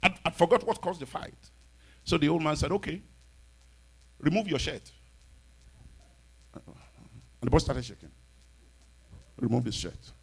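Animated preacher man. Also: fairly high pitch, moderate pace, creaky, long pauses, slightly rough. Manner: animated storyteller, shouting declarations. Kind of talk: storytelling sermon, rising into shouted exhortation.

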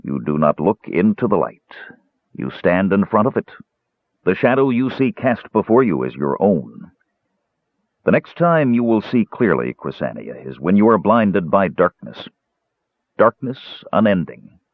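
A man's voice: deep voice, sing-song, a little slow, no room sound, full character voice. A man voicing a stern, solemn old male elf cleric who appears as a ghostly spirit. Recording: tinny phone-like dry sound.

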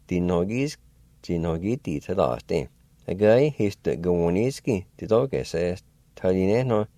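A man hosting a radio language lesson, slowly spelling words out letter by letter and sounding out syllables in an encouraging, folksy way. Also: low-pitched, warm tone, no echo. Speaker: radio host and language teacher.

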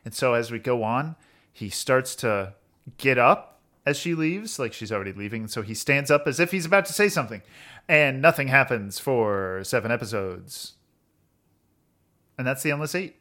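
A man co-hosting a casual podcast, rambling through a plot summary with lots of fillers and quick laughs. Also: mid-range voice, animated, bright, forceful tone. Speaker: podcast co-host.

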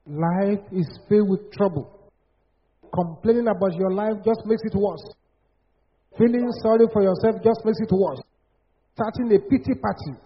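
Man preaching, husky, high. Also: moderate pace. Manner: declamatory, rising to shouted prophetic chanting. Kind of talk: sermon. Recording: dull lo-fi sound.

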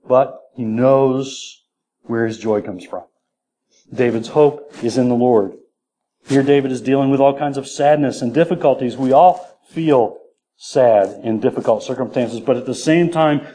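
A man's voice: mid-range voice, mellow. A man preaching a sermon as pastor, earnest and repeating his key points. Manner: earnest, repeats key phrases, quick laughs.

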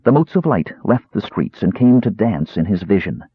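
Deep, husky male audiobook narrator. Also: moderate pace, dry recording. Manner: expressive storytelling. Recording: tinny lo-fi narrow band.

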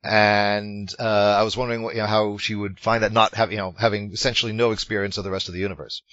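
A man's voice: fairly low pitch, little pitch movement, fast talker, fairly bright tone, dry recording. A man co-hosting a film podcast, talking in casual discussion with many fillers and restarts. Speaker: podcast co-host. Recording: dull lo-fi sound.

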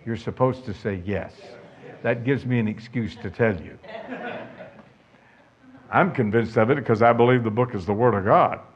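A man's voice: mid-range voice, normal speed, pauses often. A man preaching a sermon, emphatic and conversational, putting questions to his listeners. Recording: dull lo-fi sound.

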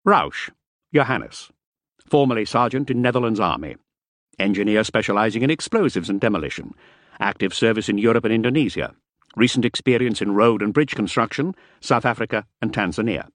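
Audiobook: male narrator playing a brisk army major, clipped and officious, close dry mic. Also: fairly low pitch, lively intonation, no room sound, voice pushed up, lightly acted. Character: brisk military major briefing mercenaries.

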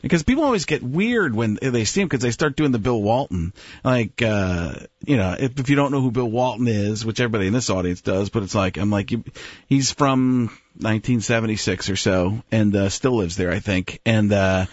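A man's voice: fairly low pitch, animated, brisk, no room sound, muffled recording. A male comedian and impressionist telling stories in casual chat, laughing often.

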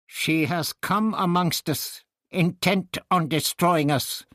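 A man voicing a growling villainous high priest. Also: slow pace, fairly bright tone, dry recording, studio quality. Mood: menacing. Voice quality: growling, snapping. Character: menacing scheming male high priest villain. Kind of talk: audiobook character reading.

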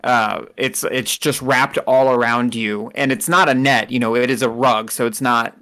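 A man's voice: mid-range voice, fairly even intonation, moderate pace, bright, forceful tone. A man narrating as game master in a casual, rambling way, laughing often.

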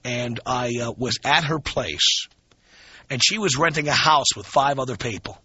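A man's voice: mid-range voice, normal speed, bright, forceful tone, breathy edge. A male talk radio host telling a frank, emphatic story to his listeners, casual and blunt, with many fillers. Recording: dull lo-fi radio broadcast.

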